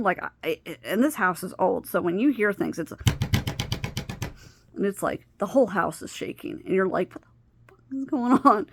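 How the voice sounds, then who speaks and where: An adult woman, stepmother to a teenager, vlogs candidly about a painful personal experience in a mid-range voice with no echo. She swears and sometimes drops almost to a whisper.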